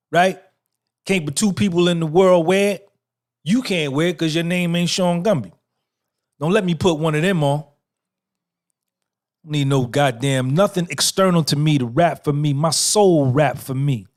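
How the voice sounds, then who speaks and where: A man in his fifties hosting a livestream podcast, talking to his chat in a boastful, profane, streetwise way. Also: a little high. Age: 50s. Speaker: podcast host. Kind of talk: boastful casual livestream talk, answering chat.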